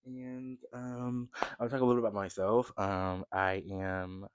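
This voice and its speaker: A young man in his twenties from the United States with a low, deep voice, talking casually to camera from his bedroom. His rambling, chatty delivery turns upbeat as he shows things around him. The sound is close and dry, with no room echo. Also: monotone, measured pace, clear, resonant tone. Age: 20s. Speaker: vlogger.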